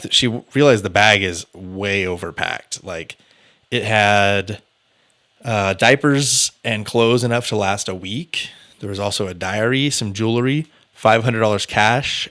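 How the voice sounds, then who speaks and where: A man's voice: on the low side, measured pace, fairly bright tone. A man hosting a podcast, casually retelling a true-crime case in a loose, chatty way with filler words and the odd curse. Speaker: podcast host.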